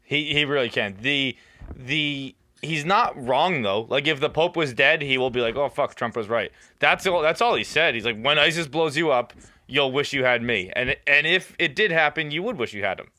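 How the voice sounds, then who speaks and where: A man hosting a casual news rundown, introducing stories with offhand, deadpan segues. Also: a little high, normal speed, no echo. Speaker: show host reading out news items.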